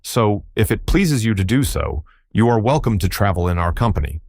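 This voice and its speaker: A man voicing a kind-hearted tin man who speaks courteously and calms others. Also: on the low side, normal speed, no room sound, studio quality, voice pushed up.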